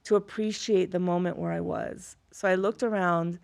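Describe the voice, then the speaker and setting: With a lowish, gravelly voice at a moderate pace, a middle-aged woman from Florida tells stories from her own life in conversation. A guest and former high school teacher, she's an animated narrator who acts out quoted exchanges.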